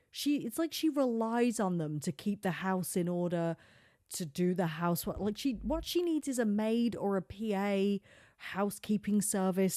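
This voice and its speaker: A young adult woman hosting a casual solo podcast, chatty and animated, peppering her talk with "like". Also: mid-range voice, no echo, clean studio sound. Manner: chatty and animated, heavy use of filler "like", quick asides and laughs. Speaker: podcast host. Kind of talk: casual solo podcast chat about reality TV.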